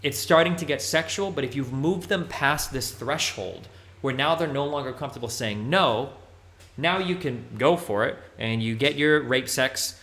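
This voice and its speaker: A man's voice: mid-range voice, normal speed, fairly bright tone. A male streamer giving casual livestream commentary, talking bluntly and profanely in a rambling way with many fillers.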